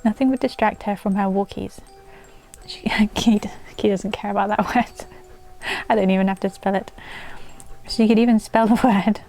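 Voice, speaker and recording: A woman's voice: medium pitch, steady tone, moderate pace, creaky, a little mellow, soft background music. A woman casually reading viewer ghost stories aloud at home, breaking off to chat with her dog in a sing-song voice. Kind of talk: casual storytelling vlog.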